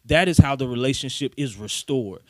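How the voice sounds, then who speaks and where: A man casually retelling a Bible story in slang, animated and playful, recorded on a dry close mic. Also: mid-range voice, fairly quick, no echo.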